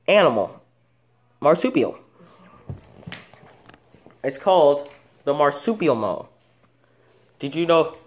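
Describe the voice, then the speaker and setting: A man hosting an animal video channel, talking casually off the cuff, rambling with many false starts and self-corrections. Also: fairly high pitch. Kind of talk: casual unscripted animal talk.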